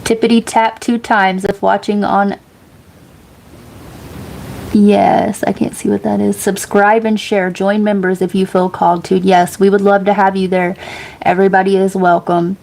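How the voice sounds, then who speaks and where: A US-based tarot reader hosts a casual card-reading stream, her medium-pitched voice gravelly and darkish, fairly even in pitch, at a moderate pace. Rambling and laughing often, she swears occasionally as she responds to chat; the rough audio has slight background noise.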